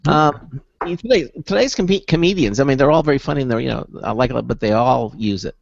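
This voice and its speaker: A male talk radio host speaks fast at a medium pitch with vocal fry, rambling through casual radio chat and repeatedly restarting his sentences. There's no room sound, though the audio is muffled like a radio broadcast.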